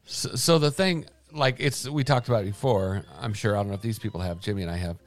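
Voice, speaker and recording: Laid-back low-voiced male co-host. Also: fast talker, faint music behind. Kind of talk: casual morning show banter.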